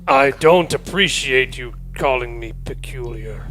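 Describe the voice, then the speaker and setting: A man's voice: medium pitch, unhurried, a bit bright, slight background noise. A man playing his character in a tabletop game, speaking plainly and earnestly. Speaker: player voicing his character. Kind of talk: in-character role-play.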